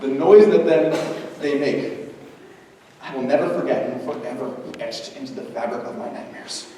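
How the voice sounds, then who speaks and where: A man's voice: medium pitch, normal speed, warm tone. A young man telling a stand-up story and acting out voices, recorded from far off in a large school hall. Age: young adult. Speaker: stand-up comedian. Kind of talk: stand-up routine. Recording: echoey hall from far off, faint noise.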